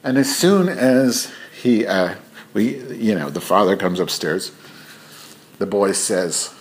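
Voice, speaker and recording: A man's voice: fairly low pitch, slow, slight background noise. A man telling a rambling, profane anecdote to camera in a casual vlog. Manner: rambling and profane, with many fillers. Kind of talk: casual storytelling.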